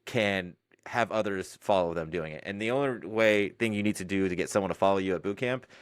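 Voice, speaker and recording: A man who is a Navy drill instructor, answering interview questions in a relaxed, rambling way with laughs between points. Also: low-pitched, fairly quick, smooth, no room sound, clean studio sound. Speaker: Navy recruit division commander, guest.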